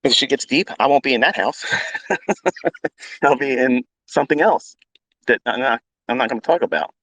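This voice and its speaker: A man's voice: medium pitch, moderate pace, fairly bright tone, no room sound, poor audio. Man, trading mentor, blunt swearing rant, repetitive, dry recording. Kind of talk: unscripted profane rant.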